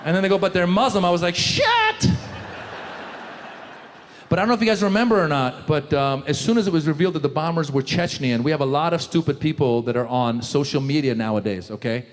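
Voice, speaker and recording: A man doing a stand-up comedy set, animated, slipping into loud impressions of the people in his jokes. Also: on the high side, fast, hardly any pauses, a little hiss or hum. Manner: animated, jumps into shouted impressions. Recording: live show in a large hall.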